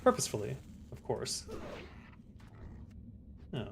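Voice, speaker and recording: A man streaming a game live, chatting casually and answering his chat in a relaxed way. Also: mid-range voice, takes it slowly, gravelly, background noise.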